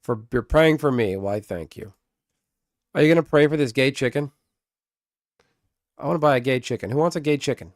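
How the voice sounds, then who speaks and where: A man streaming a card game live, chatting casually with viewers, excitable and swearing freely. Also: medium pitch, normal speed, pauses often, dry recording, studio quality.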